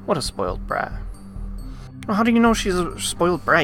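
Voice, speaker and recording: A man hosting a let's play, reading a visual novel's narration aloud and breaking off into animated, joking rants. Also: fairly high pitch, brisk, soft background music. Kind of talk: reading game text aloud with commentary.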